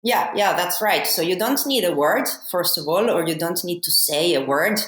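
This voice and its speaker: A woman's voice: lowish voice, lively intonation, moderate pace, a bit bright. A woman, a philosophy guest on a podcast, explaining her ideas thoughtfully with frequent fillers. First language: Italian. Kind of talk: academic podcast conversation. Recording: echoey room.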